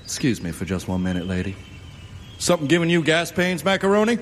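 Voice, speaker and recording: A man's voice: on the high side, big pitch swings, fast talker, big-room sound, a little hiss or hum. An actor playing a sneering, bigoted salesman who taunts a trucker in a mocking voice, in a 1950s film drama.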